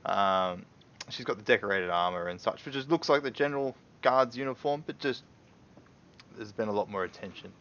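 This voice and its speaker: Man, game master, rambling narration, lowish voice, dull lo-fi audio. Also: normal speed, a bit bright, a little hiss or hum. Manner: loose, rambling, many fillers and restarts. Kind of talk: narrating a tabletop game on a livestream.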